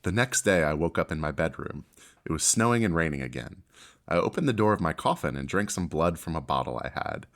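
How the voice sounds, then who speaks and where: Young man, very low voice, casual podcast co-host, deadpan dramatic reading, laughs often. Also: a little fast. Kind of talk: casual podcast chat, reading fanfic aloud.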